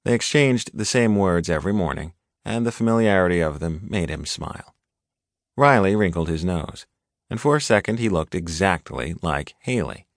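A man reading a romance audiobook in an even, measured narration, close to a studio mic. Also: sits low, dry recording. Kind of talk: scripted narration.

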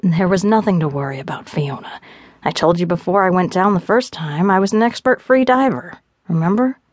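An easygoing man talking calmly and teasingly, as a woman narrator puts him on. The voice stays near her own lower-middle pitch, dry and close to the mic. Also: fairly quick, no room sound, natural voice. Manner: easygoing, dismissive. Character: calm, teasing man, expert free diver. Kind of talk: audiobook character dialogue.

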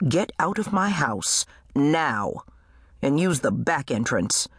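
A woman's voice: rumbling low, very animated, slow pace, husky, no echo, full character voice. A haughty, imperious rich wife snaps out clipped, icy orders, as a woman narrator puts her on. Her delivery is dry and close, with no room sound around it. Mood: cold fury. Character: haughty wealthy wife scolding her maid.

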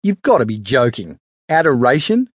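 A man's voice: medium pitch, very animated, moderate pace, slightly rough, no room sound. A man voicing a strict, cold male schoolteacher in an audiobook, giving clipped, stern commands. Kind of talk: audiobook character voice.

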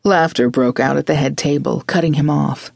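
A woman narrating a romance audiobook in a measured, expressive way. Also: deep voice, vocal fry, slightly rough, dry recording, studio quality. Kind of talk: scripted narration.

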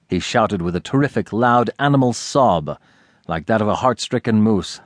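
A man's voice: lowish voice, animated, moderate pace, no echo, studio quality. A man narrating an unabridged classic novel as an audiobook reader. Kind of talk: scripted narration.

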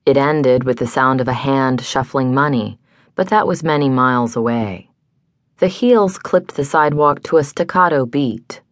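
A woman narrating a hardboiled mystery audiobook in a measured, deliberate first-person telling. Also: very deep voice, no room sound. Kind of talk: scripted narration. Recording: dry studio.

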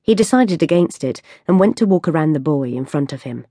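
Audiobook narrator: low-voiced, husky woman, measured read, dry close mic. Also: animated, warm tone, dry recording. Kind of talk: scripted narration.

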